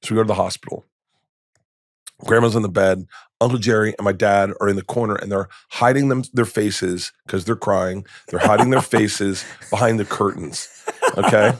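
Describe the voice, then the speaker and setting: A comedian telling animated stories in a podcast interview, acting out relatives in hushed voices. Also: male voice, fairly low pitch, moderate pace, no echo, clean studio sound. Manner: acts out quoted relatives in hushed voices, laughs while telling. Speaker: comedian guest. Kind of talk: animated storytelling.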